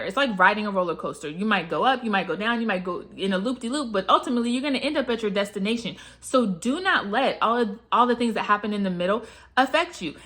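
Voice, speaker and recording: A woman with a voice pitched a bit higher than most talks straight to her viewers in a relaxed, chatty coaching tone. She leans on "like" and "you know" and keeps asking rhetorical questions. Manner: asks many rhetorical questions. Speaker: manifestation coach. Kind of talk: casual talk to camera.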